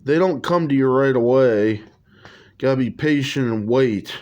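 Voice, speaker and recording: A man's voice: mid-range voice, a little slow, a little mellow. A man reading his own comic aloud in a casual way, with rambling, crude asides. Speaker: comic reader.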